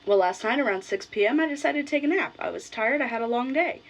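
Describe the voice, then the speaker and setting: A woman's voice: on the high side, animated, quick pace, rough recording. A young adult woman vlogger telling a personal story in a casual, blunt way, swearing freely.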